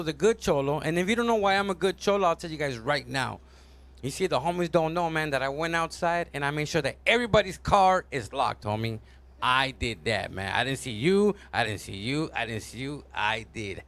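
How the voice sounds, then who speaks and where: A man's voice: a little high, a bit bright. A man telling a stand-up joke in a loose, slangy way, tagging nearly every phrase with "man" or "homie". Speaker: comedian. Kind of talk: stand-up storytelling.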